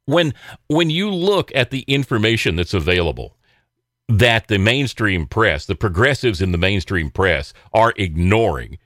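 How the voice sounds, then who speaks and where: A man's voice: lowish voice, big pitch swings, measured pace, a bit bright, no echo, clean studio sound. A man from the South, hosting an opinionated commentary show in a sarcastic, mocking way and laughing between points. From American South.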